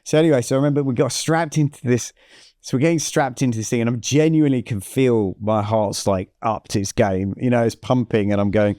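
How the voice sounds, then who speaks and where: A man's voice: medium pitch, brisk, no echo, studio quality. A middle-aged man, a business coach guesting on a podcast, tells stories with energy and acts out the dialogue as he goes, often restarting his sentences. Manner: animated storyteller who acts out quoted dialogue, frequent restarts. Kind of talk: conversational storytelling interview.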